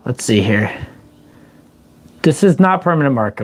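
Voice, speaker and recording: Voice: medium pitch, very animated, fairly quick, pauses often, darkish tone. Playful rambling live streamer. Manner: playful, rambling, breaks into improvised silly songs. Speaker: livestream host and musician. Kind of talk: casual live-stream chat.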